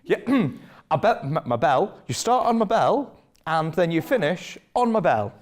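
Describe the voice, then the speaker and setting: A man's voice: on the high side, sing-song, unhurried. A man hosting a comic game show, announcing in a mock-grand, theatrical way.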